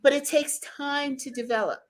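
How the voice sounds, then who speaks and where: A woman's voice: sits high, normal speed. A woman from the United States hosting an interview, telling stories with lots of laughter. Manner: animated storyteller, laughs often. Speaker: podcast host. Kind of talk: conversational interview.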